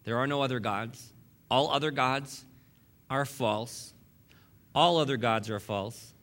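A man's voice: mid-range voice, slow, a bit bright. A man preaching a sermon as pastor, emphatic and fond of repeating key lines, with wry asides to the congregation.

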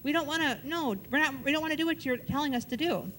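Woman putting on two young women, pleading, insistent, higher voice, faint rumble. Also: fast, a bit bright.

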